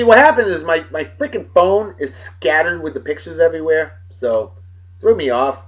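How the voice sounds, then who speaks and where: A man hosting a daily beer and song show in a rowdy, casual way, loud and excitable, swearing and joking, swinging from shouting to muttering. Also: fairly high pitch, muffled recording.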